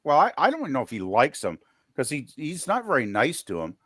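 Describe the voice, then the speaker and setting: A man's voice: mid-range voice, wildly swooping pitch, fairly quick, a bit bright, slightly rough, no room sound. Rambling man on a dry mic. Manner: rambling, hesitant, restarts often. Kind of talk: casual chat.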